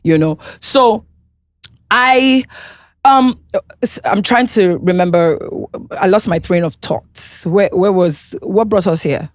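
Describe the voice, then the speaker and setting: In a studio-quality recording with no echo, a Nigerian singer gives a candid interview about her life. Her mid-range voice carries a Nigerian English accent, and she speaks haltingly, restarting often and checking in with "you understand?".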